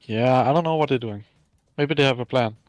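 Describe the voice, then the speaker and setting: A man from Scandinavia co-commentating a strategy game match, chiming in with brief, relaxed remarks. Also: mid-range voice, brisk, no echo, faint music behind.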